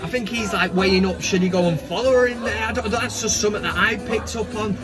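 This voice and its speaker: A man's voice: high voice, fast, music in the background. A man hosting a football fan show, chatting casually with cheeky, swearing banter. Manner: cheeky, profane banter with asides. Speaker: fan channel host.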